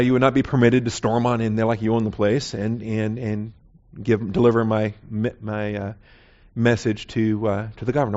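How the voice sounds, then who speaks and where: Man teaching Bible class, dull lo-fi sound. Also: mid-range voice. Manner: conversational, often checks in with "all right?". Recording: dull lo-fi recording.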